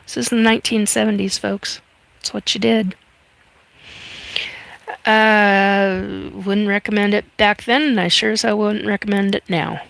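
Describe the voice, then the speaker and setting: A woman's voice: mid-range voice, flat delivery, unhurried, creaky, long pauses, fairly bright tone. A woman in her fifties hosting a casual livestream, chatty and reading viewer comments aloud with many fillers. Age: 50s. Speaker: livestream host reading chat. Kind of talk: casual live chat.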